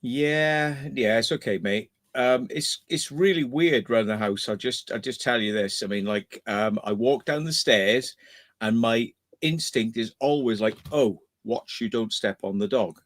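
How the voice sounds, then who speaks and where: A man's voice: medium pitch, measured pace, no room sound. Rambling, sweary man hosting a livestream. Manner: rambling, swears freely, laughs often. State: kidney stone trouble. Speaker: livestream host. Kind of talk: casual livestream chat.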